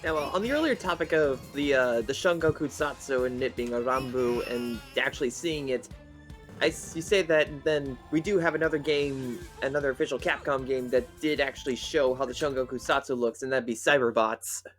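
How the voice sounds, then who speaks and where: Brief: mid-pitched man, casual co-host, rambly and thoughtful, faint music behind. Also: a little fast, a bit bright. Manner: rambling, thinks aloud about game history. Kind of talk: casual gaming chat.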